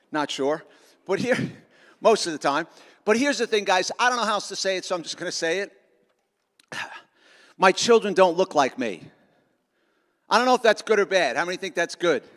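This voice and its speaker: In an echoey, large school auditorium, a middle-aged man gives students a joking, sarcastic motivational talk at an assembly. His voice is high with a fairly bright tone.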